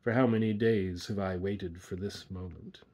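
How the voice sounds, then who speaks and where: A man reading a horror story aloud, voicing a blinded, disfigured man who speaks in a quiet, menacing, coaxing voice. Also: low-pitched, fairly even intonation, normal speed. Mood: menacing hush.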